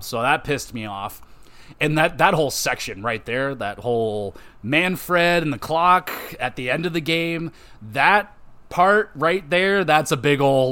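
A man hosting a gaming podcast, chatting casually and swearing a lot as he rambles through memories of playing a game. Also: medium pitch. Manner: profane, rambling, animated retelling. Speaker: podcast host. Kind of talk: casual game review chat.

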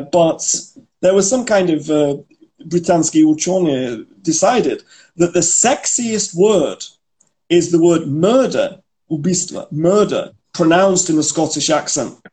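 A man talks casually on a podcast, telling stories and explaining words along the way. His voice sits a little high for a man, with a mellow, unhurried tone. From England (Manchester). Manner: chatty, storytelling, explains idioms. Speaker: podcast co-host. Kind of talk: casual chat.

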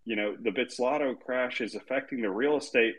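A man's voice: mid-range voice, fairly quick, low-quality recording. A man hosting a casual online group chat, rambling and laughing often as he tells stories. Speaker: host of a live audio chat room.

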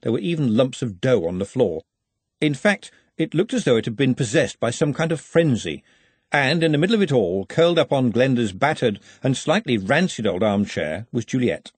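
A man narrating a comic novel aloud in an expressive storytelling manner. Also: medium pitch, normal speed, breathy edge, no room sound. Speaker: audiobook narrator. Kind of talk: scripted narration.

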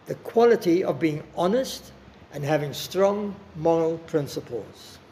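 A man, preaching a sermon in an earnest, personal way and slowing down for emphasis. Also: on the high side, lively intonation, warm tone, a little hiss or hum. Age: 60s.

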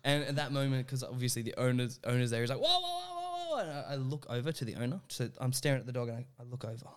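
A man telling a comic story in a relaxed chat. He talks at an even middle pitch and animates the tale, jumping into little voices for the people in it. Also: racing, clear, resonant tone. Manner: animated, acts out voices in anecdotes. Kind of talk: casual storytelling.

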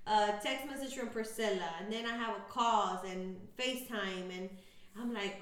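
A woman's voice: a little high, normal speed, a bit bright, echoey room. A woman co-hosting a podcast, telling stories in casual, slangy chat full of ums. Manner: chatty storyteller, slangy, frequent ums. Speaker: podcast co-host.

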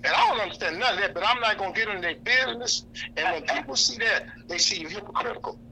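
A man speaking in a fiery, preacherly way to a lunch crowd, his voice pitched high and cutting with a very sharp, bright edge. He talks bluntly, hammers points home by repeating them, and cites scripture chapter and verse. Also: fast, a little hiss or hum, rough recording. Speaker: activist speaker. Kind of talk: impassioned speech to a lunch audience. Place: indoor lunch gathering.

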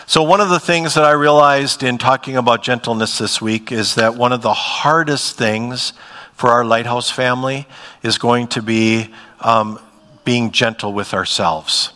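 A man preaches a sermon in a church hall, his voice bright and forceful, with a long tail of reverb behind every phrase. He talks conversationally, rising to emphatic peaks and then dropping to near-hushed moments. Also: medium pitch, unhurried. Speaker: pastor. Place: church sanctuary.

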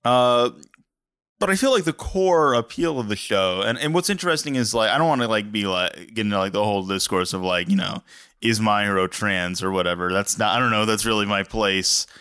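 A man's voice: lowish voice, a little fast, fairly bright tone, smooth, no room sound, clean studio sound. A man co-hosting a casual podcast chat, rambling and hedging with lots of restarts. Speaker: podcast co-host.

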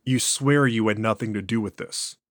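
A man's voice: on the low side, normal speed, dry recording, clean studio sound, natural voice. A man voicing a male interrogator who reasons earnestly with his subject. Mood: patient. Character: patient male interrogator losing his nerve.

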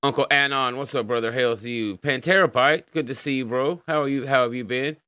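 A man's voice: mid-range voice, fairly even intonation, a little fast, pushed and bright, clear, resonant tone, no echo. A man with an American accent hosting a livestream in casual chat, laid-back and swearing freely as he greets viewers. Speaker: livestream host.

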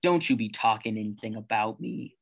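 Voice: medium pitch, fairly quick, vocal fry, slightly rough. Game master doing a gorilla boss, menacing, threatening, tabletop game.

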